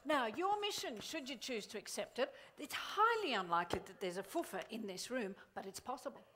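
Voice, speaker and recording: A middle-aged woman giving a live motivational keynote to a conference audience, animated and exclamatory. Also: on the high side, brisk. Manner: animated, exclamatory, quotes others in funny voices. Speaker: motivational speaker. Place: conference hall before an audience.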